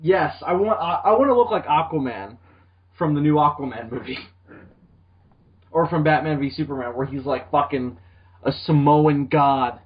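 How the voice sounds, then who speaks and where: A man's voice: on the high side, normal speed. A young man co-hosting a comedy podcast, rambling and laughing often as he chats. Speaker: podcast co-host. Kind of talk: casual comedic chat. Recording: lo-fi podcast audio.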